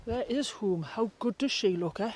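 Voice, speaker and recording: A woman's voice: fairly high pitch, expressive, moderate pace, darkish tone, roomy sound, slight background noise, low-quality recording. A middle-aged woman with a Geordie accent, chatting to camera in a rambling, self-mocking way while wild camping. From North East England. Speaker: outdoor vlogger. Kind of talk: casual chat to camera. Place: outdoors and in a concrete bunker on a windy hill.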